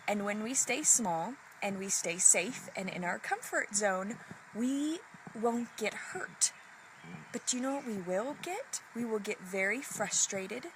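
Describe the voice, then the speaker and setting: Woman coach talking slow and earnest on a live stream, kinda high voice, steady noise behind her. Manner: earnest and encouraging, slow and reflective. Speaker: life coach hosting a live video session. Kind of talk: casual motivational live-stream talk.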